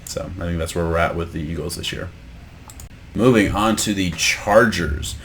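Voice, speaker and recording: A man's voice: sits low, moderate pace, fairly bright tone, slight background noise. A man hosting a casual sports reaction show, talking through games and getting heated in long rants with restarts and swearing. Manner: laid-back reactionary musing. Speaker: sports podcast host.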